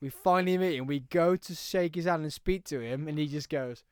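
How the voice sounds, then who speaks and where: A man's voice: fairly high pitch, brisk, clean tone, no echo. A man hosting a casual podcast, joking and laughing with friends, sometimes reading a sponsor ad. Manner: animated, laughing, jokey. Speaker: podcast host.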